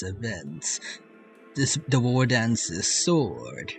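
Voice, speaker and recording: A man streaming a game live, talking in a casual, rambling and joking manner. His pitch moves in a lively way. Faint game music sits behind him. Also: normal speed.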